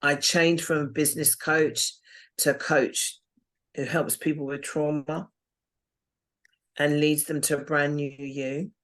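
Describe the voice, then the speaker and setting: Woman, interview guest, unhurried delivery, earnest, reflective storytelling. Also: sits low, flat delivery, a bit bright. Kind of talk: interview testimony.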